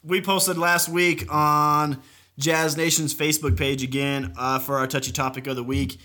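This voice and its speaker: Deadpan man co-hosting a sports podcast. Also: fairly high pitch, moderate pace. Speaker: podcast co-host. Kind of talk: casual sports podcast chat.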